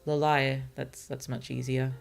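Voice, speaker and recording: A woman streaming as a virtual author, thinking aloud about her novel in a hesitant, musing way, with many fillers and soft laughs. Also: a bass voice, flat delivery, a little slow, gravelly, faint music behind. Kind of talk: casual thinking-aloud livestream while writing.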